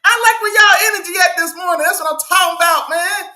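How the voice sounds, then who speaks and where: A man hosts a casual live sports talk stream. He talks in loose slang, greets his chat and says things twice. His voice sits high for a man and sounds bright and forceful. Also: quick pace. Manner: slangy, hypes up the live chat, repeats himself. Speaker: sports show host.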